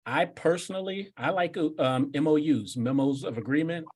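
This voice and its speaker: A man's voice: on the high side, normal speed, darkish tone. Upbeat man coaching a workshop. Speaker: workshop host and business coach. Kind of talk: live workshop Q&A.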